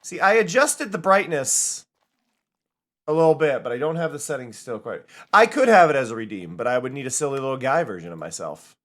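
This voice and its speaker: A man's voice: mid-range voice, big pitch swings, a little fast, a bit bright. A young man chatting casually on a live stream while playing a game, rambling and laughing often.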